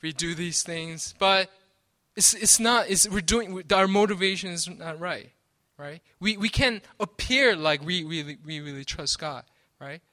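High, bright-voiced male preacher. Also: measured pace. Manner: repeats "right?" often, restarts and stammers. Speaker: pastor. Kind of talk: sermon.

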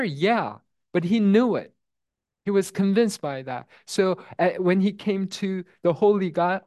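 Repetitive middle-aged preacher, dry close sound. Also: male voice, on the high side, a little mellow, no room sound. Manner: repeats words, often asks "right?". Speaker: pastor. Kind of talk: sermon.

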